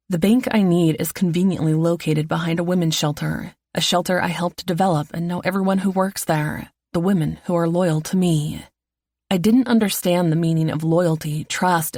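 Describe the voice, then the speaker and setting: A woman reading a first-person audiobook in an even, intimate way. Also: lowish voice, dry recording, clean studio sound. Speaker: audiobook narrator.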